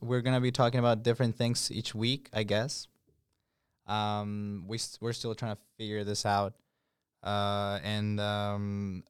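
A man's voice: on the low side, clean tone, no echo, clean studio sound. A young man co-hosting a podcast in casual chat, hesitant and full of fillers. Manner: hesitant, lots of fillers and laughs. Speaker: podcast co-host.

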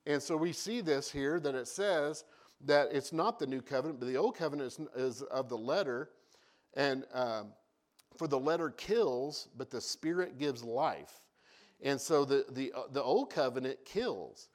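A man's voice: medium pitch, measured pace. A man preaching a sermon, telling Bible stories with humorous asides and acting out the voices of the people in them. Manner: animated storytelling with acted-out voices. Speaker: pastor.

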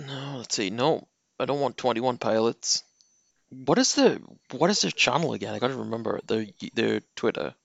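Male co-host, gravelly low mutter, dry sound. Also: moderate pace, no room sound. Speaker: podcast co-host. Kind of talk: casual chat.

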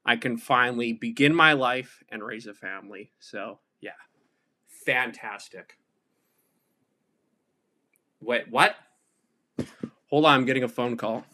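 Bright-voiced irreverent male podcaster. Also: medium pitch, takes it slowly, long pauses. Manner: irreverent, profane, rambling with many fillers. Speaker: podcast host. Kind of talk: casual solo podcast monologue.

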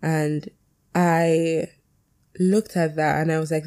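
A woman's voice: sits low, little pitch movement, slow pace, darkish tone. A young woman hosting her own podcast, chatting casually and rambling with lots of fillers; her voice cracks and can sound close to tears. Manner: rambling, frequent "like" and "you know" fillers. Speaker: podcast host. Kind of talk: casual solo podcast chat. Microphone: poor quality home mic.

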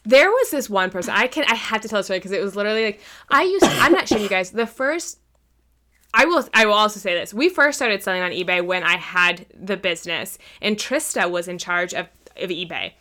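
A woman with a bright, forward voice chatting on a podcast. She tells stories loosely, swears often and acts out what people said. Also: mid-range voice, lively intonation, brisk. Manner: swears freely, acts out quotes in storytelling. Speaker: podcast co-host. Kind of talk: casual chat.

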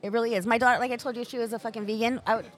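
A middle-aged woman co-hosting a podcast, talking in a brash, profane, animated casual chat. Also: on the high side, rapid-fire. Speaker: podcast co-host.

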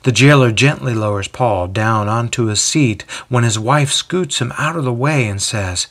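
A man narrating a scripted story in a slow, steady, descriptive way. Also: medium pitch.

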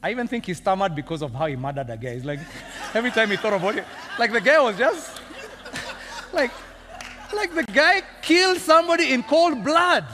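A man preaching a sermon, animated and joking as he teases his congregation. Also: sits high, noisy background. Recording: long reverb of a big hall.

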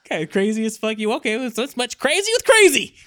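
Young male podcast co-host, high pitch, animated storyteller who swears and acts out quotes. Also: fast, no room sound, studio quality. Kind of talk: casual chat.

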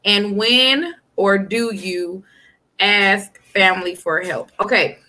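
A woman's voice: medium pitch, takes it slowly, sharp tone. Blunt, brassy woman co-host. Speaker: podcast co-host. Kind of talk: casual chat.

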